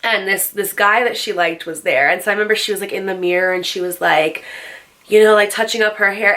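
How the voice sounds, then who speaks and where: A woman's voice: medium pitch, fairly even intonation, brisk, pushed and bright. A young woman telling a storytime vlog in a chatty, sarcastic way, full of fillers. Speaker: storytime vlogger. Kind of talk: casual storytelling.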